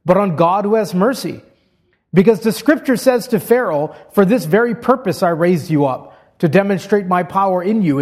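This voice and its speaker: Reading scripture aloud, a man earnestly walks through it step by step in an expository sermon. His voice is high and a little mellow.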